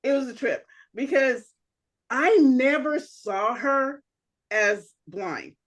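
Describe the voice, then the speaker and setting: A woman's voice: high voice, lively intonation, takes it slowly. Woman, podcast co-host, casual chat, rambling, frequent laughter. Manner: rambling, full of "you know" and restarts; laughs often while telling stories.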